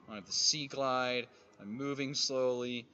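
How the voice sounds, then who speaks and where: A man with a very bright, sharp voice talks his way through a game stream. He grumbles and swears at the creatures, drops to mutters, then bursts out loud. A faint hiss of noise sits under the voice. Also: medium pitch, fairly even intonation, moderate pace, lo-fi sound. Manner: jumps between mutters and loud outbursts. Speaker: gaming streamer. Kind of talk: casual let's-play commentary.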